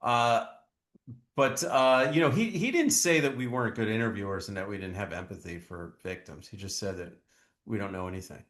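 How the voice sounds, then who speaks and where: A man co-hosting a podcast speaks in a fairly low voice. He talks earnestly and haltingly, repeating words as he reacts to viewer comments. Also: fairly bright tone, reverberant. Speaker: podcast co-host. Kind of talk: casual chat reacting to comments.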